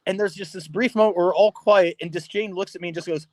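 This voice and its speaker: A man, a guest on a podcast, tells a story in a casual, animated way, laughing often and swearing freely. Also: sits high, fast, a little hiss or hum. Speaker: podcast guest, pro wrestler. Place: podcast studio.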